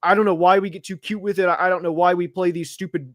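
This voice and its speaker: A man co-hosting a casual football podcast, talking fast with lots of fillers and getting openly worked up about play calls while seated. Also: sits high, no room sound. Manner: animated, gets worked up, many fillers. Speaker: podcast co-host. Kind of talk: casual sports podcast analysis. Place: seated at home studio.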